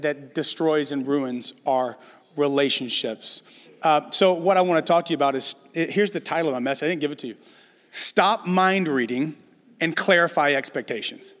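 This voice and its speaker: A middle-aged man preaching a sermon, telling stories with humor and speaking directly to his congregation. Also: sits high. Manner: animated storytelling, addresses the congregation with humor. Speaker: pastor. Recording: long hall reverb.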